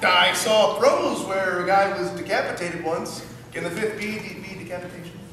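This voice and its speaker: A woman's voice: on the low side, moderate pace. A teenage girl co-presenting a comedy sketch with dry, teasing lines. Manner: dry, teasing, lively delivery. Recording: echoey room from far off, noise behind.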